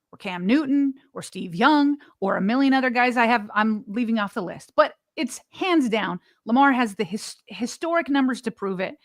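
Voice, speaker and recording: A woman's voice: fairly high pitch, no room sound, clean studio sound. Emphatic woman sports podcast co-host. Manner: animated, emphatic opinions. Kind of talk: casual sports podcast talk.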